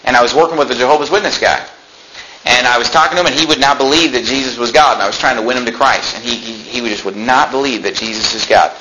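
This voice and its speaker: A man's voice: medium pitch, fast talker, background noise. A man preaching a sermon, reading Bible verses aloud and telling stories in which he acts out the people he talked to. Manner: animated storytelling, acts out voices in anecdotes; reads Bible verses in King James wording.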